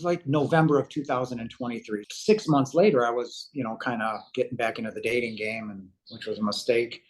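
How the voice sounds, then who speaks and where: A man's voice: medium pitch, poor audio. A man, a guest on an interview show, retells a personal story at length, with acted-out quotes and frequent fillers.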